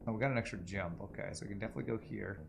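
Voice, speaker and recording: A man narrates his own gameplay in a loose, conversational way, pausing to answer viewers. His voice has a gravelly rasp, and faint game music sits beneath it. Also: lowish voice. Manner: musing aloud, chatting with viewers. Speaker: streamer. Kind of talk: casual gameplay commentary.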